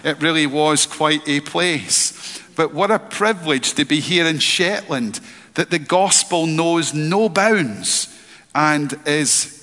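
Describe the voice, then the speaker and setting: A man's voice: fairly high pitch, sharp tone. A middle-aged man from Scotland preaching a sermon and sharing his personal testimony with earnest, repeated emphasis. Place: church hall. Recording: long echo in a large hall.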